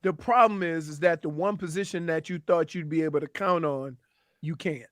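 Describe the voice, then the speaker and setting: A man co-hosting sports radio, animated and mocking in casual banter. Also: on the high side, brisk, dry recording, clean studio sound.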